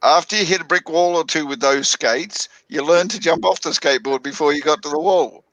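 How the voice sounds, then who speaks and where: A man's voice: a little high, fairly quick, fairly bright tone, no echo, rough recording. A man swapping wry, teasing remarks in a casual chat with friends.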